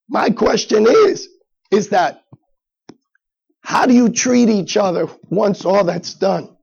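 A high, gravelly male pastor preaches in an easy, conversational way and slips into little acted asides. His voice is husky and the recording sounds dull and lo-fi. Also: unhurried, darkish tone. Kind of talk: sermon.

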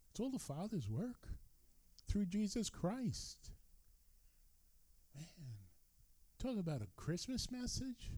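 Guy preaching a sermon, reads verses then comments, voice jumps around a lot, warm tone. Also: dry recording. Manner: expressive Bible reading with asides, animated rises and drops in pitch.

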